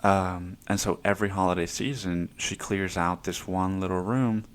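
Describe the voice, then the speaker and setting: A man's voice: deep voice, fairly even intonation, moderate pace. A young man hosting his own podcast, talking through personal stories in a casual, rambling way with plenty of swearing. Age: young adult. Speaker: podcast host.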